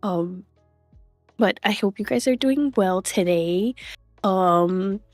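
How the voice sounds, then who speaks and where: A woman's voice: mid-range voice, takes it slowly, no echo, faint music behind. Chatty young woman streamer greeting chat. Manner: chatty, reads chat names aloud, frequent laughs. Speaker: livestreamer. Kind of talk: casual live-stream chat.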